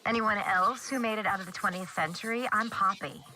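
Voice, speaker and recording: A woman's voice: mid-range voice, fairly quick, sharp tone, natural voice, poor audio. An actress voicing a playful, sassy young female artist in a mystery game.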